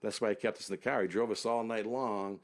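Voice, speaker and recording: A man telling a long travel story as an interview guest, unhurried and detailed, often trailing off low. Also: fairly even intonation.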